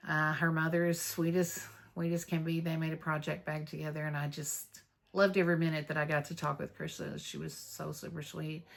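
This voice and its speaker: A woman's voice: low-pitched, flat delivery, brisk, gravelly. A woman, chatting casually to camera in a stitching vlog, rambling through her news. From North Texas. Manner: chatty, rambling, warm about friends, with fillers. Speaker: Flosstube vlogger.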